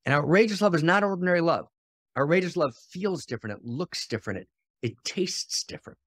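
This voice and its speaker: A man's voice: fairly high pitch, lively intonation, brisk, dry recording, clean studio sound. Passionate man preaching with rising intensity. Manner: passionate, swings between loud exhortation and quiet intimate asides; repeats phrases for emphasis. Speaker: podcast host and spiritual teacher. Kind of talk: impassioned teaching talk.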